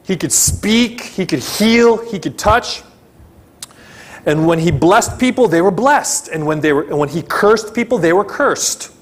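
A male pastor delivers a sermon in a slightly high voice. He speaks slowly and with emphasis, repeating phrases and climbing into louder bursts on key words. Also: expressive.

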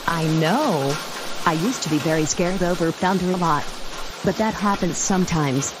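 A woman voicing a patient, gentle mother in a homemade cartoon. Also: fairly low pitch, lively intonation, normal speed, natural voice. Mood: soothing. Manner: gentle, soothing. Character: patient, reassuring mother of a schoolgirl. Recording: rain noise in the background. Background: rain.

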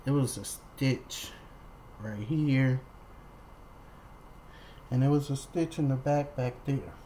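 A woman's voice: a bass voice, slow pace, mellow, slight background noise, rough recording. A woman vlogger telling a casual story at home to the camera, chatty and repetitive, talking straight to her viewers. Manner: chatty, repeats herself, addresses viewers as y'all.

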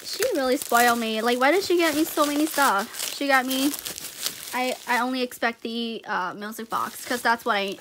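A young woman vlogging an unboxing, gushing with excitement and breaking into squeals. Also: fairly high pitch, moderate pace, background noise. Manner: gushing, excited, repeats "oh my gosh". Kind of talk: unboxing vlog chat.

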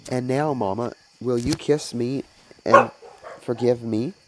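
A man's voice: medium pitch, slow pace, heavy background noise, natural voice. A man voicing a remorseful little boy caught stealing apples, pleading through sobs. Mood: relieved. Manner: sobbing, pleading.

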